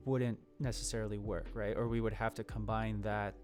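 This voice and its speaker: A man's voice: lowish voice, level tone, a little fast, a little mellow, faint music behind. A young man co-hosting a casual live stream, thinking aloud about code with many fillers and restarts. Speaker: co-host.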